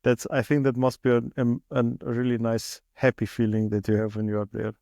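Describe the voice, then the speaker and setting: Halting male interviewer. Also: mid-range voice, monotone, gravelly, warm tone, no echo, studio quality. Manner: halting, restarts often, non-native phrasing. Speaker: host. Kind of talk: casual interview chat.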